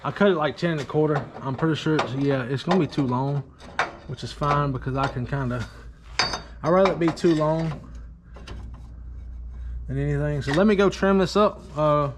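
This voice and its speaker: A man talks through his truck work in a garage in a rambling, easygoing way, poking fun at his own skills. His voice sits a little high for a man. Faint workshop noise hums underneath. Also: moderate pace, pauses often. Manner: rambling, easygoing, self-deprecating. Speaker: DIY truck builder. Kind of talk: casual shop vlog narration.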